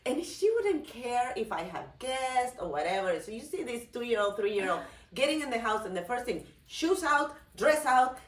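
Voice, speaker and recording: A woman's voice: on the high side, very animated, moderate pace, hardly any pauses. A woman in her fifties talking earnestly and reflectively in a casual podcast chat. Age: 50s. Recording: roomy sound from a distant mic.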